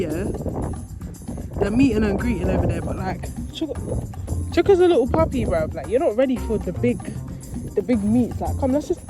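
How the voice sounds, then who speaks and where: A young woman with a London accent chatting casually in a vlog while walking her puppy outdoors in a park, slang-heavy and laughing nervously, filmed on a handheld phone. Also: medium pitch. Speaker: vlogger. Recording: background music over voice.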